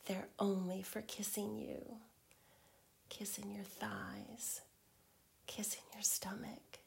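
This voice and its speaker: Woman whispering slow and teasing, gravelly edge, girlfriend role-play. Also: mid-range voice. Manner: teasing, slow, breathy whispers with soft hums.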